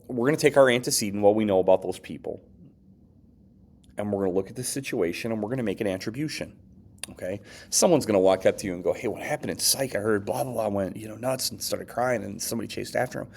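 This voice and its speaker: Low-voiced male teacher, casual lecture. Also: darkish tone. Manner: conversational, frequent okays and restarts, acts out quoted lines.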